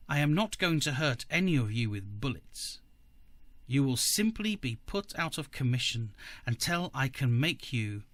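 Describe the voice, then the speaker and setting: Man doing a mad villain, taunting, slow and deliberate, sudden high leaps, dry close sound, storybook reading. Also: fairly bright tone, no room sound. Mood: mocking. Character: genial, menacing madman villain, male.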